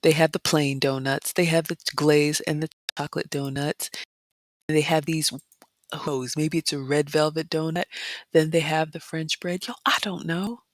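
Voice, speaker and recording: A woman vlogger chatting casually and reading viewer comments, dropping into excited whispers. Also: low-pitched, normal speed, dry recording. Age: adult mother. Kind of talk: casual chat narrating photos, reading live comments.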